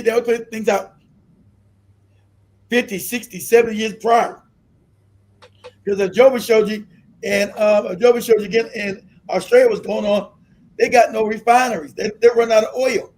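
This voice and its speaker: A man's voice: very high voice, rough recording. A man hosting a livestream, giving blunt, profane political commentary and hammering his points home by repeating them. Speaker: host of a commentary stream. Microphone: streaming mic.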